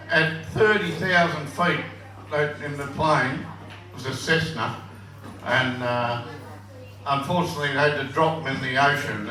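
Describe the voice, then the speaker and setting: A man's voice: fairly high pitch, pushed and bright. A man at a pub open mic, singing a blues song and reciting a comic poem with rambling jokey banter. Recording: echoey pub room from a far-off mic, guitar.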